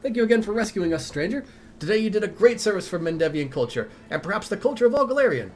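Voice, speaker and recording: A man's voice: sits high, very animated, fast, a little mellow, pitched above the performer's own voice. A man voicing a proud, fussy old female dwarf who directs a theater company, speaking with theatrical dignity. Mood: grand, dignified.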